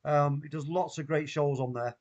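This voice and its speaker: A man with a Mancunian accent hosting a live football watchalong, reacting loudly and excitedly to the play. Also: fairly high pitch, moderate pace, highs cut off. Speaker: watchalong host.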